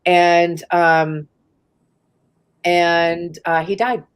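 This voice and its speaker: Candid woman with a lowish voice. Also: steady tone, drawn-out words, smooth. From San Francisco Bay Area. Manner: casual and candid, frequent "like" and swearing. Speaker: interview guest. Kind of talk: personal storytelling in a live interview.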